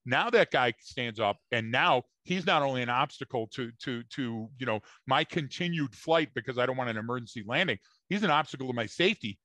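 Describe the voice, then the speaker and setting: A man of ordinary pitch talks through his points on a podcast, emphatic and a little lecturing, often turning to the listeners. The recording is close and dry, with no room sound. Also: lively intonation, fairly quick, hardly any pauses, pushed and bright, no room sound. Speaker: podcast co-host. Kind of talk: casual podcast discussion.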